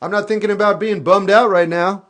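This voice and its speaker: A man with a high voice hosts a live stream, speaking fairly quickly as he gives casual life advice. He reflects candidly and animatedly, breaking into sudden goofy bursts of shouting.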